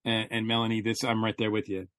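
A man's voice: fairly low pitch, level tone, fast, a bit bright, no echo, studio quality. A man co-hosting a fan podcast, chatting casually and gushing with enthusiasm, often restarting his sentences. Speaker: podcast co-host.

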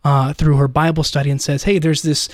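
A man in his twenties tells a personal story as a guest, speaking earnestly and casually with lots of "uh" fillers. His voice sits a little high for a man. The sound is dry and close, with no room echo. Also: flat delivery, brisk. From United States. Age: 20s. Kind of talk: personal faith testimony in casual conversation.

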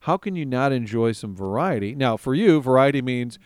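A man's voice: mid-range voice, fairly quick, smooth, no room sound, clean studio sound. A man interviewing a fellow broadcaster in casual podcast chat, telling stories and acting out what people said. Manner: animated storyteller who acts out quoted people.

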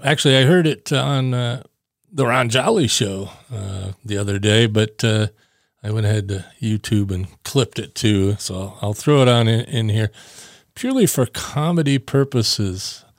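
A man's voice: fairly low pitch, unhurried, no room sound, studio quality. A man hosting his own podcast, talking casually in a rambling way with many fillers. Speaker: podcast host. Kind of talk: casual solo podcast monologue.

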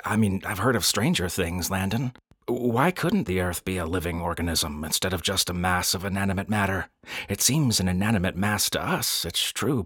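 A man's voice: low voice, a bit bright, breathy edge, no room sound, clean studio sound. A man voicing a thoughtful, speculative male geologist who reasons his ideas out in a musing way.

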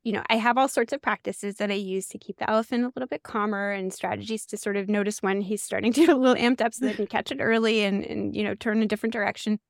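Woman in her 40s, gravelly, dry close sound, animated guest explainer. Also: medium pitch, fast, few pauses, no echo. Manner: animated, uses many "like" fillers. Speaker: guest author. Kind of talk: explanatory interview talk.

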